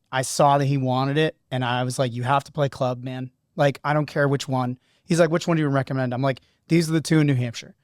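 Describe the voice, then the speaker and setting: A man hosting a podcast who coaches high school lacrosse, telling stories in an animated, earnest way. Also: dry recording, studio quality. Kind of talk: casual podcast storytelling.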